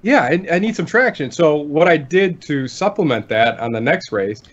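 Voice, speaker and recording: A man co-hosting a podcast in casual chat, relaxed and rambling, often trailing off mid-sentence. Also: on the high side, normal speed, muffled recording. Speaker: podcast co-host.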